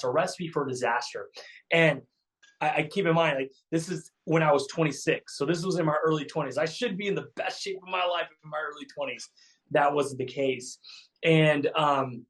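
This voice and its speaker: A man's voice: fairly high pitch, low-quality recording. A man in his thirties, a fitness coach telling his story as a guest in a casual, chatty way, full of fillers and repeats. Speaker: keto coach, podcast guest.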